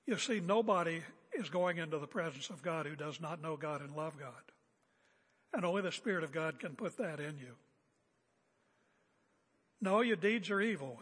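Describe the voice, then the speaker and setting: High-pitched, husky preacher man. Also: a bit bright. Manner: emphatic, confrontational preaching with repeated phrases. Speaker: pastor. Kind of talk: sermon. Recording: echoey hall with long reverb.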